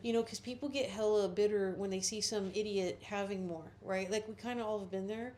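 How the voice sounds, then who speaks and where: A woman's voice: mid-range voice, steady tone, a little fast, few pauses, dark tone, slight background noise. A middle-aged woman vlogging about witchcraft in a blunt, rambling, profane way. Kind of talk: casual spiritual monologue.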